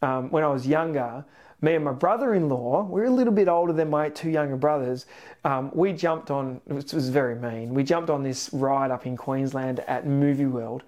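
A man with an Australian accent hosting a motivational podcast, telling stories energetically with sudden excited rises. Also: mid-range voice, moderate pace. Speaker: podcast host, weight loss coach.

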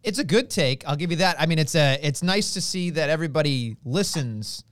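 A man's voice: a little high, expressive, a little fast, fairly bright tone, no echo, clean studio sound. A man co-hosting a wrestling podcast, rambling and joking in a mock-indignant way. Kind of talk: casual chat.

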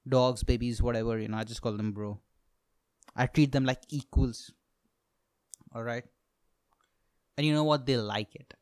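Young male comic, solo podcast monologue, profane and self-mocking, bursts of shouting, clean dry mic. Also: mid-range voice, smooth, dry recording. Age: 20s. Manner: profane ranting, laughs at own jokes, sudden loud outbursts. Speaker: podcast host, stand-up comedian.

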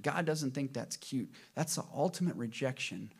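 A man preaching a sermon as pastor in a church, swinging between loud emphatic bursts and soft low asides, asking the congregation questions. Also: animated, normal speed, gravelly, slightly rough. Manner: asks the congregation rhetorical questions.

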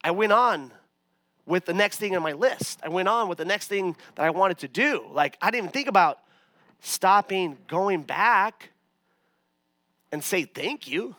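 A man voicing a group of healed former lepers who speak with excited, emphatic exclamations. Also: high-pitched, unhurried, dry recording, heavily acted. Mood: sheepish. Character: healed former leper men, eager and grateful.

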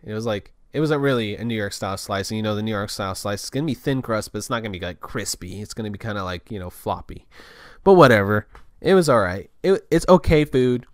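A man's voice: on the low side, animated, fast, no echo, clean studio sound. A young man telling a casual story in a loose, rambling way, full of restarts and filler words.

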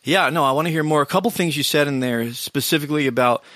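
A man hosting a podcast, talking in a relaxed way with lots of fillers. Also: fairly high pitch, quick pace, dry recording, clean studio sound. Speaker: podcast host. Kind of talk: casual podcast chat.

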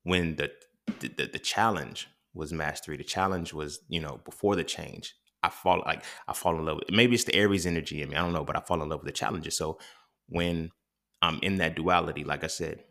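A man's voice: very deep voice, steady tone, brisk, a bit bright. A man, hosting a podcast and musing in a casual, profane, rambling monologue full of restarts. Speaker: podcast host. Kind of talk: impromptu monologue.

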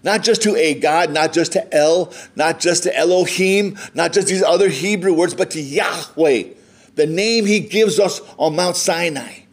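A man's voice: a little high, measured pace. Conversational American man preaching a sermon. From United States. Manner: conversational preaching, reading scripture aloud with voiced quotes. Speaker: pastor.

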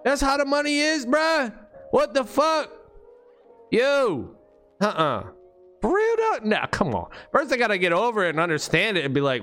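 High-voiced man ranting with heavy profanity. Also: huge pitch swings, normal speed, a bit bright, faint music behind. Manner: profane, slangy, rambling and emphatic. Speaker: vlogger on money and bitcoin. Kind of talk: unscripted monologue rant.

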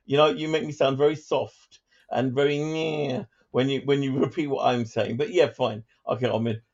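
Gravelly British man, halting, lo-fi call. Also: medium pitch, steady tone, a little mellow. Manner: halting, stammering, hesitant. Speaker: caller debating the host. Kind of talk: heated live debate.

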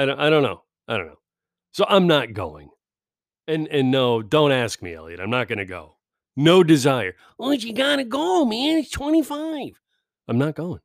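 A middle-aged man on a podcast, ranting sarcastically and swearing constantly, mocking people in high put-on voices. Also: no room sound, clean studio sound. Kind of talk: profane comedic rant. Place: California.

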